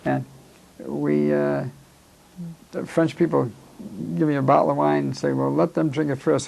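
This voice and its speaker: Gravelly old man telling war stories. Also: fairly high pitch, darkish tone, low-quality recording. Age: 90s. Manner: rambling, acts out quoted dialogue. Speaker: war veteran. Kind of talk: oral history storytelling.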